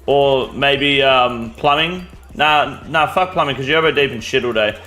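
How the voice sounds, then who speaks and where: Brief: Australian man, mid-pitched, blunt and sweary streamer banter, faint music underneath. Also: moderate pace, bright, forceful tone. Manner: blunt, profane, answers chat questions. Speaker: game streamer. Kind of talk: casual live-stream chat.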